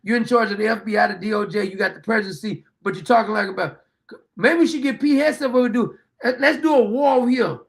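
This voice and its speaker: A man's voice: sits high, quick pace, creaky. A man hosting his own political commentary show, ranting bluntly and. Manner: blunt, profane, fired-up ranting.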